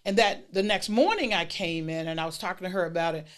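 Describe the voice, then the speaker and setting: A middle-aged woman telling personal stories about her career mentors in a lively, emphatic way. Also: on the low side, quick pace. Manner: emphatic, lively retelling with acted-out dialogue. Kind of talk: personal storytelling talk.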